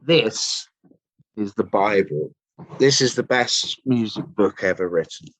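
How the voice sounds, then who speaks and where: With a lowish, fairly bright voice, this English musician from Somerset is animated yet slow-paced as he tells rambling, enthusiastic stories loaded with fillers. It's a casual podcast chat with no room sound.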